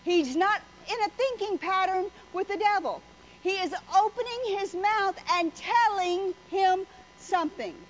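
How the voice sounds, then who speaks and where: A woman preaches a sermon in a high voice, telling folksy stories and teasing the congregation. The recording is a little dull and muffled, with faint background noise. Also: measured pace. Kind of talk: sermon with storytelling.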